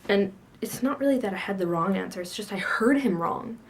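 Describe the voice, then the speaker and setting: A woman's voice: medium pitch, expressive, brisk. Sassy teenage girl ranting to camera. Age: teens. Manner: sassy, self-mocking, rambling with laughs. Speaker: video blogger. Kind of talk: casual chat to camera.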